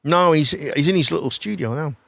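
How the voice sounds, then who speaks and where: A man hosting a live chat show, rambling in a casual, animated way and swearing freely. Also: a little high, a little fast, vocal fry, no room sound, clean studio sound.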